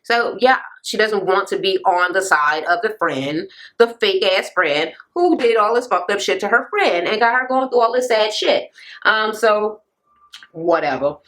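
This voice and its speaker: A young woman ranting her way through a reality TV recap. Her voice sits in a middle pitch, and she swears constantly and sasses her way along. At times it leaps into high, squealing bursts. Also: a little slow, low-quality recording. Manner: profane, blunt and sassy; lively, jumps into sudden high squeals. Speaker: vlogger reviewing reality TV. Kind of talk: casual reality TV recap rant.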